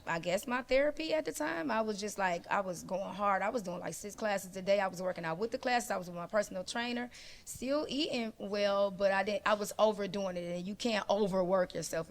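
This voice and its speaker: A woman speaking as a guest on a casual panel discussion, her pitch sitting right in the middle of the range. She tells her story with lively energy and acts out the voices of the people in it. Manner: animated storyteller who acts out dialogue.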